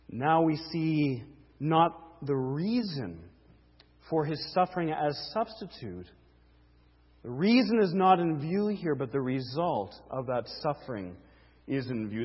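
A man preaching a sermon, emphatic and repeating key words, asking rhetorical questions, swinging between booming and hushed. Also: husky. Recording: lo-fi with long hall reverb.

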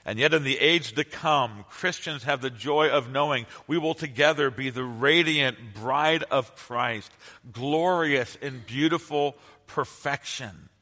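Impassioned preacher in a ringing hall. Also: male voice, mid-range voice, unhurried, sharp tone. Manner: impassioned and emphatic, with bursts of rising intensity. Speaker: pastor. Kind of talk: sermon. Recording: long hall reverb.

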